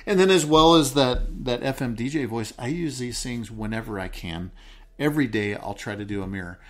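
A man co-hosting a casual podcast chat, explaining his ideas through work stories. Now and then he slows right down into a low, calm, downward-falling voice to show it off. His voice sits at an ordinary pitch for a man. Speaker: podcast co-host.

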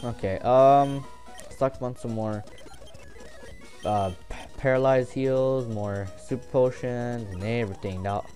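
A young man giving casual, excitable commentary while playing a game, swearing and joking to himself. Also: medium pitch, unhurried, faint music behind. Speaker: gameplay commentator.

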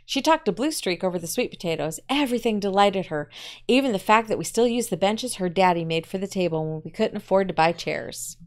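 A woman teacher reads a story aloud in a smooth, clear voice of middle pitch. She tells it in a measured way and breaks off now and then to explain a point to the class. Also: expressive. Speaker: literature teacher.

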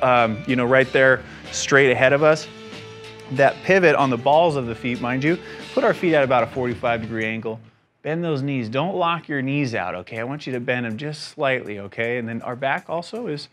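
A man's voice: medium pitch, a bit bright. Young man, fitness instructor, mid-range voice, supportive coaching cues over faint guitar. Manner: encouraging coaching cues, frequent "okay?" check-ins. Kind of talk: guided exercise class instruction.

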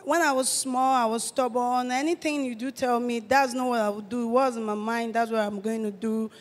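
An eighteen-year-old woman with a Nigerian accent gives a halting personal testimony, often restarting her phrases. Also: on the high side, fairly even intonation, in a large hall. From Delta State, Nigeria. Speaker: testifying church guest.

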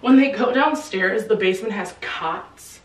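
This book channel host, a young woman in her twenties, summarizes a novel's plot in a casual, slang-heavy storytelling style. Her voice is medium-pitched and her pace measured, recorded far from the mic in a roomy setting.

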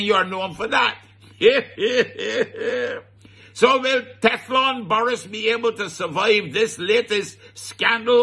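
A man's voice: high voice, bright, forceful tone, husky. A man with a Barbadian accent giving comic satirical commentary, chuckling and mock-scandalized, drawing out his words. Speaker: radio comedy commentator.

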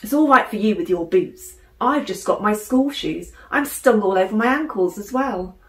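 A woman voicing an indignant, excitable young boy in a storybook reading. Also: mid-range voice, brisk, distant mic, natural voice. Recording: roomy room echo.

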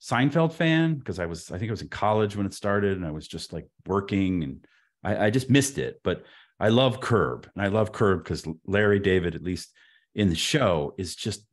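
A man in his fifties, a podcast guest telling an anecdote in an animated way, with frequent stammered restarts. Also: sits low, moderate pace. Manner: stammering restarts, lively and expressive.

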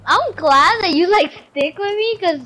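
A young gamer in casual voice chat, goofy and excitable, calling everyone bro and yelling in bursts. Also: extremely high pitch, a little slow, a little hiss or hum. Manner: says bro a lot.

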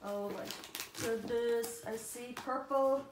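A woman chatting casually to viewers as she unboxes a doll parcel, gushing and excitable. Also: on the high side, takes it slowly, reverberant, heavy background noise. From Ireland. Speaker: doll collector vlogger.

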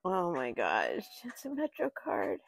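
Slow-talking emotional woman unboxing gifts. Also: on the low side, wildly swooping pitch, vocal fry. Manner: emotional, easily moved, thinks aloud. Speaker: channel host. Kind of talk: unboxing vlog, talking to herself.

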